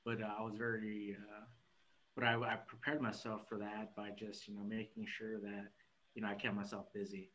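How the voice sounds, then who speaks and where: A man's voice: fairly low pitch, completely flat delivery, normal speed, fairly bright tone, highs cut off. A young man from California's Central Valley, a podcast guest talking in a loose, rambling way and laughing often. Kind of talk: casual chat.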